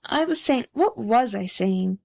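A woman's voice: fairly high pitch, animated, measured pace, creaky, a little mellow, heavily acted. A woman doing a pompous, conceited rocket. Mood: huffy. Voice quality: haughty, self-important.

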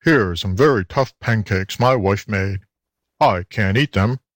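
Male audiobook narrator, slow and animated, dry close mic. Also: fairly low pitch, no echo. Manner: slow, lively, animated reading. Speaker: audiobook reader. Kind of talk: storybook narration with character voices.

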